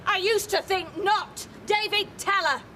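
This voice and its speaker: A woman's voice: very high-pitched, a little slow, bright, forceful tone, a little hiss or hum, full character voice. An actress playing an indignant mother in a soap drama, scolding at her front door. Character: weary mother defending herself at her door.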